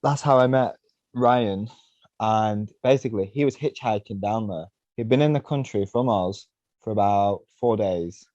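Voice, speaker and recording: A man's voice: on the low side, measured pace, darkish tone, no echo, dull audio. A man being interviewed on a podcast, telling long, rambling stories and leaning on "you know" and "right?" as he goes. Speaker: podcast guest, mountainboarder. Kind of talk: casual storytelling.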